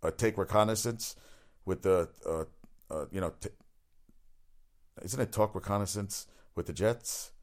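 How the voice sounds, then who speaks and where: A man hosting a casual solo sports talk show, rambling quickly from item to item with lots of fillers and swearing. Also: lowish voice. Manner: rapid, rambling, profane, with many fillers.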